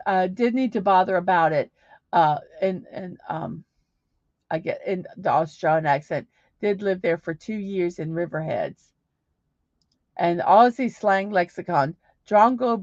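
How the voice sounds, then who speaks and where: A woman's voice: on the low side, a little slow, darkish tone, no room sound, lo-fi sound. Rambling middle-aged woman livestreaming. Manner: rambling, many fillers and restarts. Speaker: livestream host. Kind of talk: casual chat reading viewer comments.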